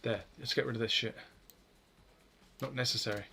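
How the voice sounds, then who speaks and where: A man's voice: medium pitch, steady tone, moderate pace, sharp tone, a little hiss or hum. Rambling man streaming code. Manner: rambling, swears freely, self-deprecating. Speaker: live-coding streamer. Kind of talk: casual stream chatter while coding.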